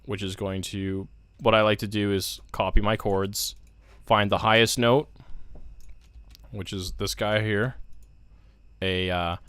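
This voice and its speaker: A man's voice: on the low side, fairly bright tone, clean tone, dry recording. A young man casually walking through synthesizer settings in a music production tutorial, thinking aloud with fillers as he works. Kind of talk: casual screen-recorded tutorial.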